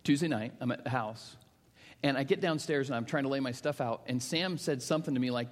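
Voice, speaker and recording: A middle-aged male pastor preaching a sermon, telling stories that swing from hushed to emphatic. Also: mid-range voice, fast talker. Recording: long reverb of a large hall.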